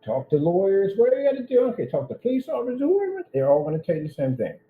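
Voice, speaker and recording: Man ranting into his vlog, indignant and threatening, lively ups and downs, faint hiss behind. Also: high-pitched, very fast, phone-quality sound. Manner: repetitive, addresses one person directly. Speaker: business owner.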